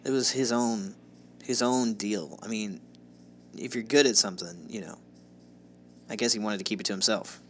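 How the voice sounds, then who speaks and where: A man's voice: fairly low pitch, normal speed, pauses often, fairly bright tone, slight background noise. A man co-hosting a casual true-crime podcast, narrating case details with sarcastic jokes. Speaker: podcast co-host.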